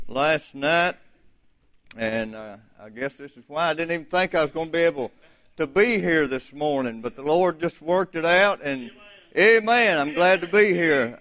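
A middle-aged man preaching a folksy, fervent sermon in a church, rising to shouts. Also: fairly high pitch. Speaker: visiting preacher.

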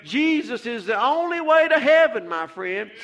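High bright-voiced preacher. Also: male voice, big pitch swings, moderate pace, muffled recording. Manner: fervent, repetitive, calls out "Amen" and "Hey". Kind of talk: sermon. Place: church.

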